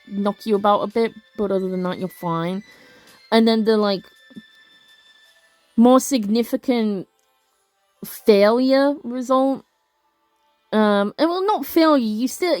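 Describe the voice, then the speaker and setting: A woman's voice: medium pitch, warm tone. A young woman chatting casually through a game, rambling with many fillers and restarts, and reading the game's text aloud. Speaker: let's play gamer. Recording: dry close mic with faint game music.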